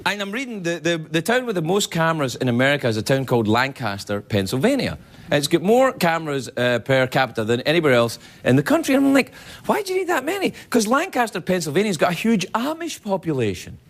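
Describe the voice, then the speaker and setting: A man's voice: a little high, sing-song, quick pace. A man hosting a late-night talk show, delivering a rambling, self-mocking comedy monologue in a television studio.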